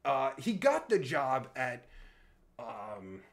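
A crude, exasperated man rants live into his phone, his pitch jumping wildly from low grumbles to high squeals. He sounds worked up, swears constantly, and breaks off mid-sentence. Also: very animated, slow pace, vocal fry. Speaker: live streamer. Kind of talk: profane comedic rant. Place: at home, streaming live.

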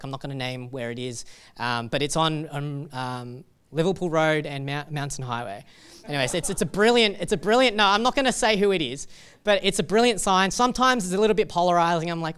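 A man's voice: on the high side, fairly bright tone, clean tone. A young adult man, a pastor giving a sermon in a casual, joking way and reading scripture with feeling.

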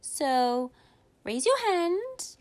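A bright, sing-song preschool teacher who pitches her voice high and swoops up and down through every sentence, as a woman storyteller puts her on. She is patient and upbeat, coaxing small children along, and even her corrections come out gentle. The story is told aloud to a listener. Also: drawn-out words, heavily acted. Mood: gently scolding.

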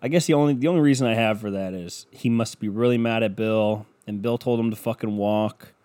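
Man, somewhat low voice, casual podcast rant, swears a lot, sarcastic tangents. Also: brisk, dark tone. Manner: profane, rambling, sarcastic. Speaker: podcast host. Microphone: computer mic at desk, browsing online maps.

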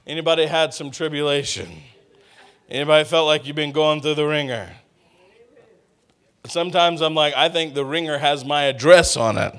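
A man's voice: a little high, normal speed. A middle-aged man preaching a sermon, calling out to the congregation and drawing responses. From Texas. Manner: lively, call-and-response with congregation.

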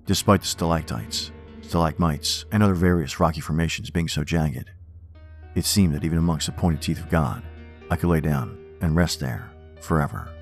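A man narrating a first-person horror story in a measured, wry, reflective way. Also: very deep voice, creaky. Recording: faint music bed under narration.

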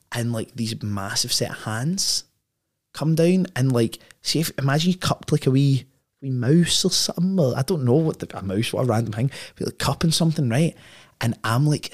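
A man, a podcast guest telling a story in a casual, slangy way, full of "like" and "right?". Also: mid-range voice.

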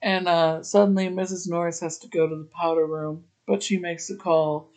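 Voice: medium pitch, fairly even intonation, normal speed, a little mellow. A podcast host casually recapping a TV episode, adding chatty, opinionated asides. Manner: retells scenes, briefly voicing the characters' lines.

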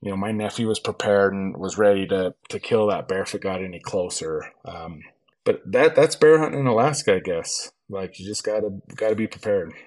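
A man telling a hunting story as a podcast guest, animated and acting out the lines of others. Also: fairly low pitch, a little fast. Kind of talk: storytelling in a casual interview.

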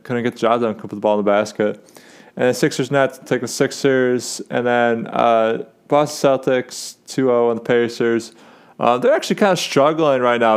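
A man's voice: medium pitch, smooth. A young man hosting a casual sports talk show, rambling with lots of fillers and restarts as he gives his takes. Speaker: sports podcast host.

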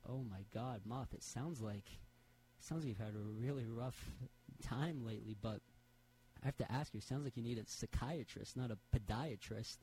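A man's voice: medium pitch, moderate pace, dark tone, slight background noise, natural voice, poor audio. A man playing a sympathetic podiatrist. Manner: exclaiming, sympathetic.

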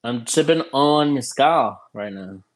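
Man, casual podcast chat, profane storytelling, lively swinging pitch, mid voice. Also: a little slow.

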